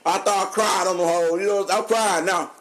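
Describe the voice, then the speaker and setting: Man, casual storytelling, laughs a lot, slightly high voice. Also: normal speed. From North Carolina. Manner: animated, laughing often, drops low for quoted voices. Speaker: podcast co-host.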